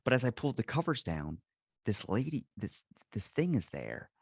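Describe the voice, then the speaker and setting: A man at a middle pitch, chatting casually on a podcast. He tells his story in a rambling, profane way, full of restarts and curses. The sound is dry and close, with no room echo. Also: sing-song, moderate pace, gravelly, slightly rough. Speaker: podcast host. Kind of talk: casual chat. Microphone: video call.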